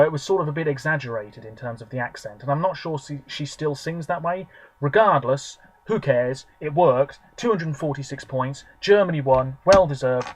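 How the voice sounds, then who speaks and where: A man's voice: a little high, low-quality recording. A man in his twenties, rambling chattily with lots of fillers as he reviews something on camera. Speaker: video reviewer. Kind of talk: casual solo review monologue.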